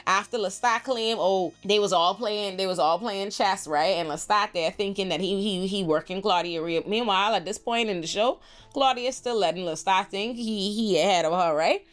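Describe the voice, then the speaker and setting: A woman in casual recap commentary, sassy and animated, telling the story and quoting the characters in mock voices. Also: medium pitch, normal speed, soft background music. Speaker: pop culture commentator.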